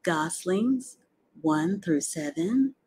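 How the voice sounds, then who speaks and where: A woman voicing a calm, clever female spider in an audiobook, speaking in a measured, gently bossy way. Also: on the low side, a little hiss or hum. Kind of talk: audiobook character reading.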